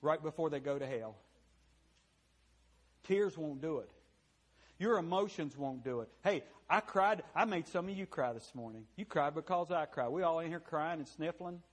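A fairly high-voiced man preaching a sermon to his congregation. He speaks in a plain, folksy way, rising into loud bursts and dropping to hushed, confessional tones. Words stumble and repeat as he presses each point. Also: lively intonation, normal speed. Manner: impassioned, swinging from loud to hushed; repeats words and restarts phrases while preaching. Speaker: pastor.

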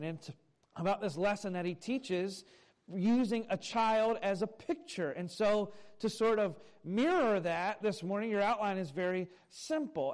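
A man's voice: high-pitched, a little mellow. A man preaching a sermon from a church pulpit, conversational and folksy, telling stories to the congregation. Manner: conversational, folksy storytelling with fillers. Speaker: pastor. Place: church sanctuary.

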